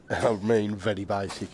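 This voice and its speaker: A man's voice: fairly low pitch, a little mellow, slight background noise. A man chatting casually to viewers while streaming a game, laughing often and swearing lightly. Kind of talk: casual live-stream chat.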